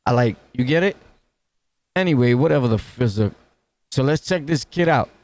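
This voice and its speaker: This reaction streamer, a New Yorker, keeps his mouth right on the mic while he reacts to clips, dropping street slang and chuckling asides throughout. His mid-range voice is animated and darkish in tone, at a moderate pace.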